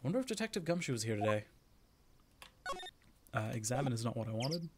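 A man's voice: medium pitch, sing-song, brisk, very noisy. A man casually commentating a game stream, joking and reading the on-screen text aloud. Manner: joking, reads place names aloud. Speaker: let's play streamer.

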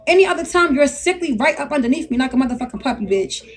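A woman's voice: high-pitched, expressive, fast. A woman hosting a casual live stream, brash and profane, ranting to her viewers.

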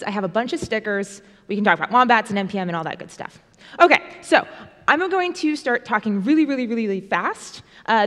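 A woman giving a playful, fast-paced live-coding talk at a conference, speaking into a stage microphone. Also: on the high side, fairly bright tone. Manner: fast, playful, self-deprecating. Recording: long reverb of a large hall.

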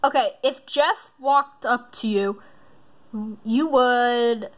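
A woman's voice: a little high, unhurried, fairly bright tone. A woman vlogger in casual commentary, reading quiz questions aloud and rambling through her reactions.

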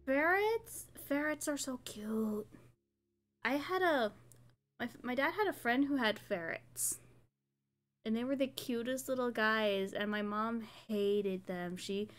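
A tired woman streamer chatting casually and sleepily, trailing off between thoughts. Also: on the high side. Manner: sleepy, drawn-out casual talk with soft laughs. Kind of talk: casual chat.

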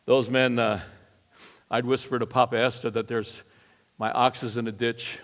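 A middle-aged man giving a storytelling sermon as guest preacher, folksy and animated, his voice jumping up for punch lines. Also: mid-range voice, normal speed. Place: church sanctuary. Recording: long church reverb.

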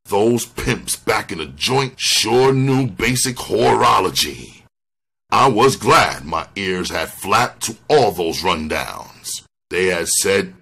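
A man reading a first-person memoir aloud, slow and deliberate. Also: low-pitched, lively intonation, creaky, sharp tone, breathy edge. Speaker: audiobook reader.

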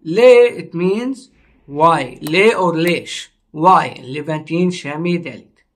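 High-voiced man teaching a language slowly. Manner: slow, repetitive explaining, drawing out words. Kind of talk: online language lesson.

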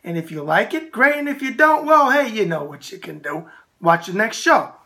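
A man's voice: high voice, moderate pace, vocal fry. Brash New York-accented male host. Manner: animated, brash storyteller. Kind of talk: casual talk show.

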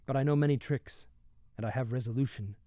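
A man's voice: mid-range voice, fairly quick, mellow, dry recording, clean studio sound, lightly acted. Man reading as a humble old fisherman. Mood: gentle. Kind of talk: audiobook reading.

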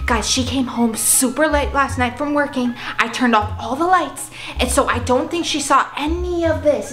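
A young woman vlogger play-acting a birthday party with plush toys, gushing and excitable, full of gasps and "like". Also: high-pitched, echoey room. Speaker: vlogger staging a toy pet party.

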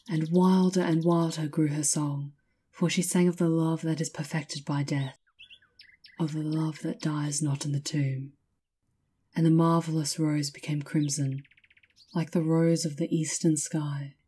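A woman reads a fairy tale aloud in a measured, lyrical manner. Her voice is low and husky, with a mellow, dark warmth that fits a storybook reading. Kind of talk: scripted storybook narration.

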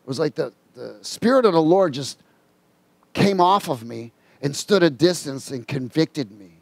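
Male preacher, sermon, folksy storyteller, fairly high voice, dry close sound. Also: expressive, moderate pace, gravelly, a little mellow, no echo.

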